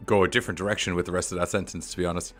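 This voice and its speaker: A man's voice: low-pitched, flat delivery, racing, fairly bright tone, soft background music. A man co-hosting a podcast, chatting casually and cutting in with jokes. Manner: joking, interjecting with asides. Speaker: podcast co-host. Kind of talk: casual chat.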